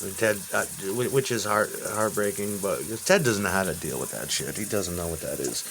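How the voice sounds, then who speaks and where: A man in his fifties telling rambling personal stories, profane and halting, with restarts. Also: low-pitched, vocal fry, fairly bright tone, slight background noise. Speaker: interviewee.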